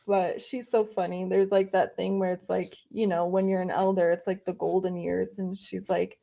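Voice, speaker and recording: Casting: woman, mid-pitch, relaxed live-stream host chatting while painting, slightly dull lo-fi audio. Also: moderate pace, creaky, few pauses. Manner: chatty, loose, many fillers, reading viewer comments.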